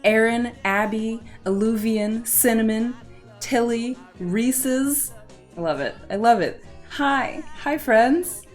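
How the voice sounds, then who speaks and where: Woman streamer, unhurried but flustered and awkward, casual chat over faint background music. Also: fairly high pitch. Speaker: livestream host.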